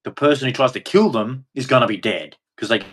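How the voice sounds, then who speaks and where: A man with a medium-pitched, brisk voice rants in an emphatic, repetitive monologue. He swears and acts out quoted voices along the way.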